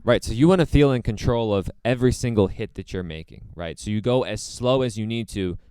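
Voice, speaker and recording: A man teaching drums, explaining a practice method step by step in a relaxed way, with many fillers. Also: on the low side, fairly quick, clear, resonant tone, dry recording. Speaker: drum teacher. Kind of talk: casual instructional talk.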